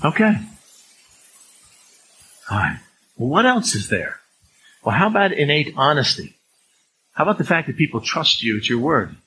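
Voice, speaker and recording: A man delivers a conversational sermon with a bright, forceful tone. He reads scripture and briefly acts out everyday speakers in a raised voice. There is a faint hum of noise behind him. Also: on the high side, very animated, moderate pace, long pauses, low-quality recording. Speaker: pastor.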